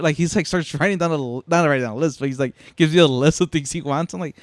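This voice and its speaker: A man's voice: a little high, fast talker, hardly any pauses, dry recording. Easygoing man, dry close sound. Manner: easygoing, frequent agreeing "yeah". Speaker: podcast co-host. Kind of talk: casual chat.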